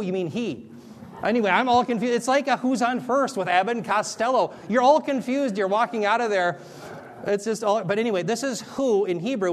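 A man delivers a teaching sermon with a somewhat higher-than-average voice. He explains each point patiently and casually, dropping in light jokes and frequent checks that the listeners are following. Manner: conversational, jokey asides, checks in with "Okay?". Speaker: Bible teacher.

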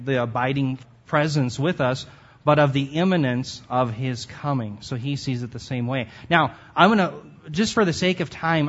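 A man's voice: medium pitch, lo-fi sound. A man giving a teaching sermon on scripture, earnest and explanatory, stressing key words. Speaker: Bible teacher. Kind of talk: expository sermon.

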